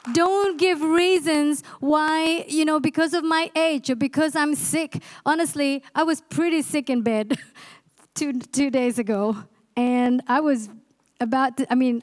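A woman's voice: high voice, moderate pace. A woman in her forties preaching a sermon, passionate and exhorting, asking the congregation rhetorical questions. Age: 40s. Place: church.

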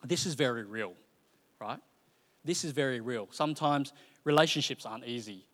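A man giving a sermon in a church hall, talking in a conversational, animated way with frequent fillers and restarts. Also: medium pitch, moderate pace. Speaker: preacher. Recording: reverberant hall.

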